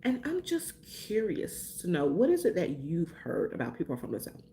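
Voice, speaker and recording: Animated fast-talking woman. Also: fairly low pitch, slight background noise. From Mississippi, USA. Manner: playful, chatty with viewers. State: recovering from a sore throat. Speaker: vlogger hosting a live stream. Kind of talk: casual live chat.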